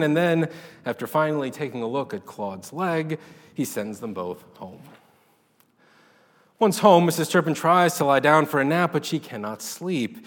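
A man narrating a literary short story in an expressive, dramatic reading style. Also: mid-range voice. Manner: dramatic, animated delivery. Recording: long reverb.

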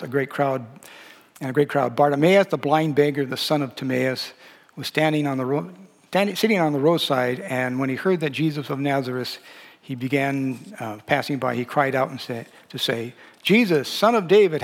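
Guy teaching bible class, kinda gravelly, lots of uh and restarts, big echoey hall. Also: medium pitch. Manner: rambling, with many fillers and restarts. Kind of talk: lecture on a gospel. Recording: long hall reverb.

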